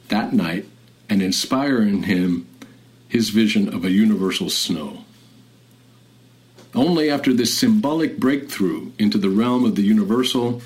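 A radio host reading and discussing literature in a measured, reflective way, slowing and softening for quoted passages. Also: male voice, on the low side, rough recording. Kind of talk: literary commentary and reading aloud.

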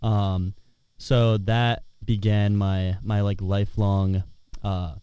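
Wry, low-voiced young man. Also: level tone, slow pace, clear, resonant tone, no room sound, highs cut off. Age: 20s. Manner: hesitant, wry, trails off quietly. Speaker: student radio co-host. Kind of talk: casual chat.

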